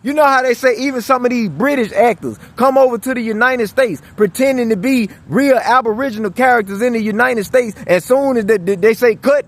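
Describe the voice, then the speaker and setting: A man's voice: very high voice, a little hiss or hum. A man delivering a profane, rambling monologue, repeating himself and stumbling over restarts. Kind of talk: ranting monologue.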